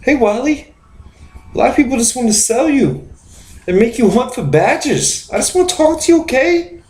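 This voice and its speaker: A squeaky, shrill-pitched movie star, all chummy and pushy, fawning over whoever he meets. The voice jumps way above a normal male register, and the room around it rings with echo. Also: very animated, normal speed, a little mellow. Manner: squeaky high put-on voice, repetitive pitch lines. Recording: roomy echo.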